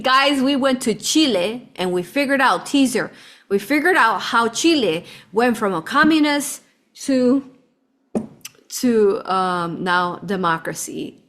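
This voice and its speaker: A woman's voice: a little high, a bit bright. A woman vlogger telling a travel story to her viewers in a rambling, fervent way, often calling them "you all". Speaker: spiritual vlogger. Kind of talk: casual direct-to-camera storytelling.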